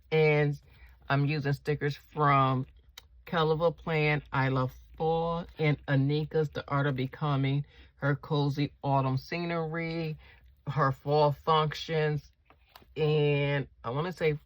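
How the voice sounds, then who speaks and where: A woman vlogger chatting casually while she decorates a planner spread at home, rambling and asking viewers questions. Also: low voice. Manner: rambling, slow and relaxed.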